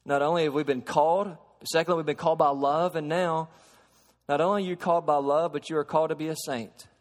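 Pastor preaching in a reverberant sanctuary. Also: male voice, on the high side, steady tone, fast talker. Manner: swings from soft explaining to loud preaching; asks the congregation questions. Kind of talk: sermon. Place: church sanctuary. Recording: long hall reverb.

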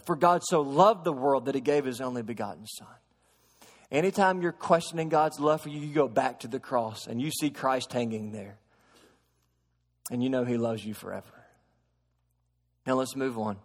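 A man preaching a sermon to a congregation, shifting from soft explaining to loud, emphatic preaching and asking them questions. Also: mid-range voice, normal speed, long pauses. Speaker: pastor. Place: church sanctuary. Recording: long hall reverb.

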